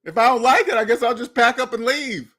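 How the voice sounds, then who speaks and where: Blunt high-voiced man lecturing. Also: brisk, sharp tone. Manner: blunt, lecturing, repeats himself. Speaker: finance commentator. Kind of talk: opinionated video commentary.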